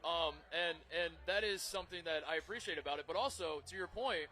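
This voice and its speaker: A man's voice: a little high, a little fast. A man from the northern United States, co-hosting a casual chat in a bar and telling stories animatedly with frequent laughs. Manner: animated storyteller, laughs often. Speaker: co-host. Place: crowded bar.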